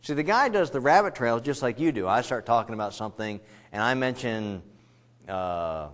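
A man's voice: medium pitch, lively intonation, moderate pace. A male pastor preaching a sermon in a conversational way, full of rambling asides, little jokes and restarts.

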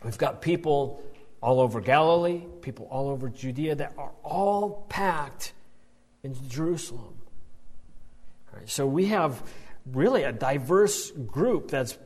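A man's voice: mid-range voice, animated, a little slow, a little mellow. A man teaching verse by verse from the Bible, explaining as he goes and often checking in with his listeners. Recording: long hall reverb.

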